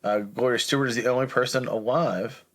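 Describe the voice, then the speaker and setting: A man's voice: medium pitch, steady tone, a little fast, fairly bright tone, a little hiss or hum. A man co-hosting a podcast, reading out movie trivia in a casual, chatty way. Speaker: podcast co-host.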